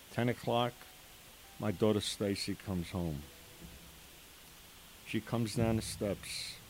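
An older man slowly telling his own emotional story as a father, in an earnest way with quoted dialogue. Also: fairly low pitch, a little mellow. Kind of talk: personal testimony storytelling. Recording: faint hiss behind the voice.

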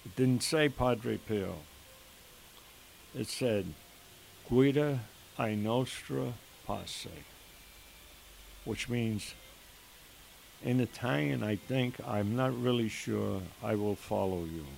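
Older male storyteller, slow earnest testimony, gravelly tone. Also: medium pitch, darkish tone. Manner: slow, earnest, emotional retelling with quoted dialogue. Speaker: father telling his story. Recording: faint hiss behind the voice.

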